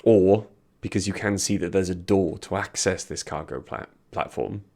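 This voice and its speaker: A man's voice: low-pitched, moderate pace, a little mellow. A British man running a tabletop game as dungeon master, narrating casually with lots of ums and restarts. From Britain.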